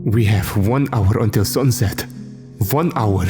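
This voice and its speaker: Male narrator playing stern woman officer, thick accent, scolding, sharp. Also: fairly low pitch, unhurried, over music, close to an everyday voice. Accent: thick foreign accent. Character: furious sharp woman soldier in charge.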